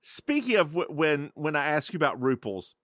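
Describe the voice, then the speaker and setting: Male podcast co-host, teasing banter, lively pitch, bright tone, dry close mic. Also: normal speed, dry recording. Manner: teasing, playful, repeats phrases for comic effect. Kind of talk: casual chat.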